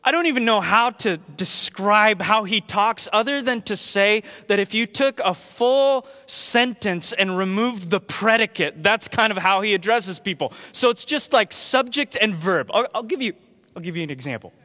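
A man preaching a sermon to his church in a conversational, storytelling way, getting animated when he imitates others. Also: sits high, normal speed, big-room sound. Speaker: pastor. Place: church sanctuary.

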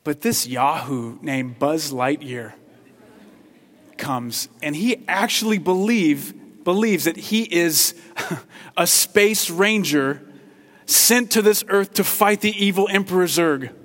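A male pastor preaches with passion, his slightly higher voice dropping to hushed tenderness and then rising to excited emphasis. A long reverb trails every phrase, as in a large church. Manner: passionate, swings from hushed to loud. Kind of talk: sermon.

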